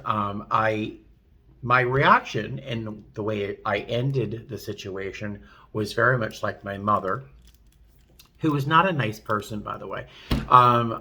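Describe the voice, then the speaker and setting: A man's voice: medium pitch, bright, forceful tone. A man vlogging from a hotel room in a chatty, rambling way full of fillers. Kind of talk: casual chat to camera.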